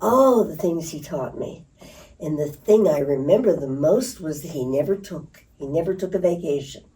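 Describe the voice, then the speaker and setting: Older woman, low and warm, lively and laughing as she recalls, recorded from a distance. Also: normal speed. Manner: lively storyteller who laughs and acts out voices. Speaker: interviewee. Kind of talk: reminiscing storytelling. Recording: distant mic.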